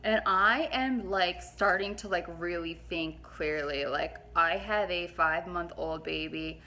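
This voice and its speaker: Bright-voiced young woman telling a story. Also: lowish voice, measured pace. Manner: animated, dramatic, laughing and swearing. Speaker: vlogger. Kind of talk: storytelling vlog.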